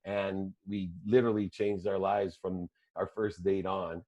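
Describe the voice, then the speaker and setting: A man who is a guest on an interview show, telling a personal story in an animated way with repeated phrases. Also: low voice, unhurried, lo-fi sound.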